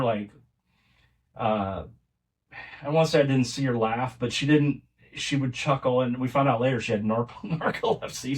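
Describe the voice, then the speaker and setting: A man's voice: medium pitch, far from the mic. A middle-aged man, a podcast guest, telling family stories in a casual, rambling way with many restarts. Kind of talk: casual conversational storytelling.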